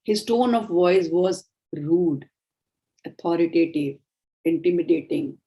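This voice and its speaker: A middle-aged woman with an Indian English accent, giving a training lecture in a measured, explanatory way. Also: on the low side, mellow. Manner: explanatory, measured, acts out sample dialogues. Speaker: communication trainer.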